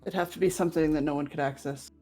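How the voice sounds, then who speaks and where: A woman's voice: deep voice, steady tone, fast, dark tone, faint music behind. A woman playing a young adventurer in a tabletop role-play, speaking hesitantly with many fillers. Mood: earnest.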